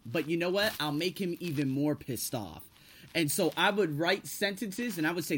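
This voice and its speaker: A man with a slightly high, lively voice talks at a normal speed, his tone fairly bright against faint background noise. He's a podcast host and English teacher living and working abroad, using a casual monologue to rant bluntly about his job and swear freely.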